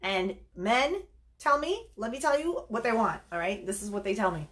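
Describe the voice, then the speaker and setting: A woman dating coach giving emphatic, animated advice straight to the camera, calling viewers honey. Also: medium pitch, normal speed. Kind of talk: direct-to-camera advice talk.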